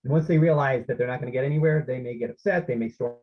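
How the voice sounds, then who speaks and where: Over a video call, a man presents an informal parenting workshop in a mid-range voice, talking very fast. He's conversational, with many fillers and restarts, and the audio is slightly muffled and lo-fi.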